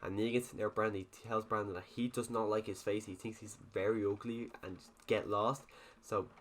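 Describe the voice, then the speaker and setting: A man's voice: lowish voice, fairly even intonation, brisk, a bit bright, slight background noise. A young man with an Irish accent rambling through a casual recap of a TV episode, often restarting sentences and quoting characters. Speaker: TV review vlogger.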